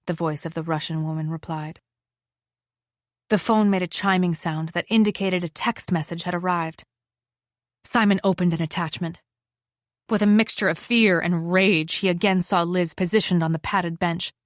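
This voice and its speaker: Woman reading a crime thriller audiobook, lowish voice, dry close sound, steady pace. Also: moderate pace, no echo. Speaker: audiobook narrator. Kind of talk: scripted narration.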